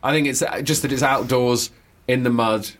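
A man from England co-hosting a casual comedy podcast, teasing his friend with quick jokes and mock voices. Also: medium pitch, fairly even intonation, fairly bright tone. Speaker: podcast co-host.

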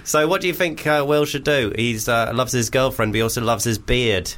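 A man's voice: mid-range voice, fairly quick, fairly bright tone, slight background noise. A man hosting a radio show, joking and bantering with his co-host. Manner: playful, laughing, joking.

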